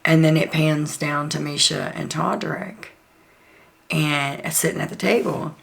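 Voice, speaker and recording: A woman's voice: low-pitched, fairly even intonation, measured pace, creaky. A woman host chatting through a casual, gossipy recap of a reality show, full of "like" and "um".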